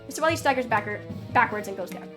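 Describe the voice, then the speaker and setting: A woman's voice: a little high, animated, rapid-fire, over music. Woman streamer reading a story game aloud. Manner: dramatic reading with loud swearing outbursts.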